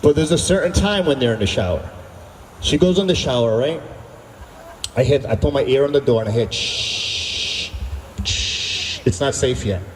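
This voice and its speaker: A man doing stand-up comedy at an outdoor concert, telling animated stories and bantering with the crowd. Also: mid-range voice, fairly quick, pauses often. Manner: animated storytelling, acting out dialogue with the crowd. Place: outdoor stage at a summer concert. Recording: echoey outdoor PA sound from far off.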